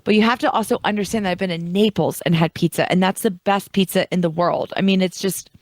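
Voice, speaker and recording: A woman's voice: fairly low pitch, steady tone, fast talker, no room sound. Philly lady rambling on a podcast, chatty, laughs a lot, dry close sound. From Philadelphia, USA. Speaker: podcast co-host. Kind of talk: casual chat.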